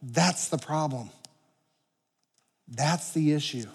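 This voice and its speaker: Pastor guy preaching in a church, bit high voice, earnest, goes loud then quiet, long echo off the hall. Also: slow, vocal fry, slightly rough. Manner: earnest preaching, swells louder then drops to quiet emphasis. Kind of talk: sermon. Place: church sanctuary. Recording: long reverb of a large hall.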